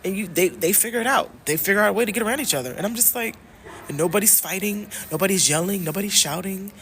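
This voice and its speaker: A woman from the United States chatting casually in a travel vlog, animated and emphatic, repeating phrases and talking straight to her viewers. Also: mid-range voice, quick pace, slight background noise. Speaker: travel vlogger and love coach.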